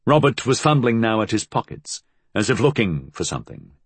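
A man reading a novel aloud as an audiobook narrator, telling the story in a measured, expressive way. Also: lowish voice, husky, no echo. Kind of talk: scripted narration.

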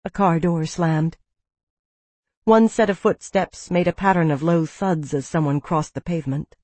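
Audiobook narrator reading first person, steady and measured, dead dry close mic. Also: medium pitch, dry recording.

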